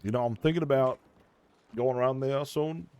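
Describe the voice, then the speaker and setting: A man's voice: mid-range voice, normal speed, a little mellow, clean tone. A man chatting in character during a role-play game, exclaiming in shock at the news.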